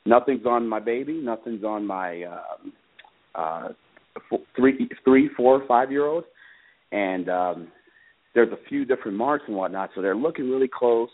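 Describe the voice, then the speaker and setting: A man calling in to a radio show, telling his own story in an earnest, halting way with many fillers. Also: medium pitch, animated. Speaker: father calling in about his case. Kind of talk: personal account on a call-in radio show. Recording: tinny phone line.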